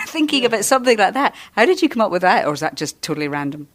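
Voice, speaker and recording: A woman hosts a relaxed podcast interview. She is chatty and enthusiastic, quick to laugh, and speaks at a middling pitch. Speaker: podcast host. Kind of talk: casual interview.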